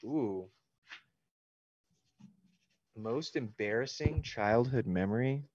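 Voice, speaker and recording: A man's voice: medium pitch, dry recording, highs cut off. Candid, joking man at a book signing. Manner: candid, joking, swears freely. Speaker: author answering fan questions. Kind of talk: casual interview chat. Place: book signing, signing books while talking.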